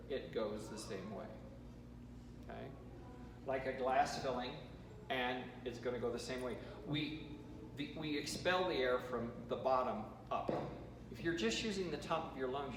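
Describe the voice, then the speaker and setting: An American man leading a choir rehearsal warm-up, giving chatty instructions with joking asides. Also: mid-range voice, moderate pace. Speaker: choir vocal coach. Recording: roomy hall, from far off, noisy.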